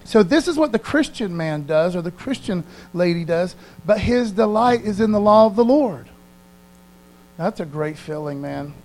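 A man preaching a conversational sermon, reading verses slowly aloud and often checking in with his listeners. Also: high voice, lively intonation, a little mellow, rough recording. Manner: folksy, keeps checking in with the audience; slows down to read verses aloud.

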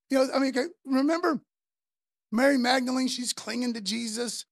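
A woman preacher giving a sermon in a chatty, animated way, acting out the voices she quotes. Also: fairly high pitch, a little fast, no room sound, studio quality.

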